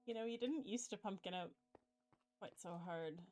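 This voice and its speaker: A woman's voice: mid-range voice, moderate pace, darkish tone. A woman streaming a game, chatting casually and rambling, with frequent giggles. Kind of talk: casual chat while gaming. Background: game music.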